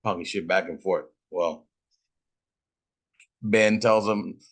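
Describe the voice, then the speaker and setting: A man's voice: deep voice, steady tone, slow. A middle-aged man from Fresno, California, telling stories casually while smoking, profane, boastful and full of slang. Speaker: host.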